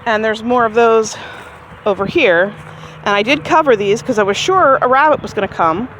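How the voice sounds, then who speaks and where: A woman's voice: moderate pace, a bit bright, slight background noise. A woman giving a casual, rambling tour of her vegetable garden outdoors, talking to the camera as she walks. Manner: chatty and rambling, talks to her chickens in a high sing-song. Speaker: gardening vlogger. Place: outdoors in a backyard garden near chickens. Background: birds and chickens clucking faintly.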